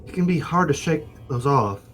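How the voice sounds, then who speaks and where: A man's voice: fairly high pitch, expressive, moderate pace, a bit bright, faint music behind, low-quality recording. A man streaming, reading a visual novel aloud with casual joking asides to chat. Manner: casual, joking asides between narrated lines.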